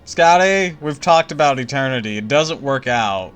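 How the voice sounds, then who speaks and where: Bright, animated game streamer. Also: male voice, mid-range voice, moderate pace, faint music behind. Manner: excitable, profane, laughs often. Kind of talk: casual live-stream commentary.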